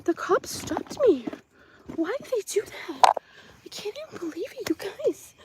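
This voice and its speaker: A whiny, baffled lady who can't believe anyone would blame her, as a comedian puts her on. Her voice climbs high and swoops about in disbelief. The tone never settles, like a complaint that keeps rising. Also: sing-song, unhurried, heavy background noise, full character voice. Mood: incredulous. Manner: high, incredulous whining. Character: whiny, baffled adult woman playing the victim.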